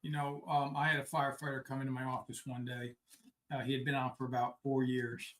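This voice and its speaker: A middle-aged man, a fire service leader, calmly telling a personal story in a podcast conversation. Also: medium pitch, brisk.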